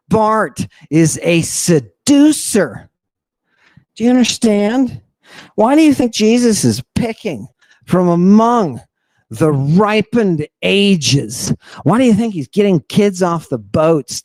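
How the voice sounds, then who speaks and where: A man's voice: a little high, darkish tone, no room sound. A man hosting a podcast, delivering an impassioned lecture-style monologue with emphatic, sardonic rhetorical questions. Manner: mocks opponents with exaggerated put-on voices. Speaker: podcast host.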